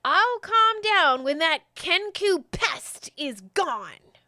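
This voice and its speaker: Woman plays high-strung, shrill carnival manager, loud and agitated. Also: lively intonation, a little slow, dry recording, clean studio sound, exaggerated voice.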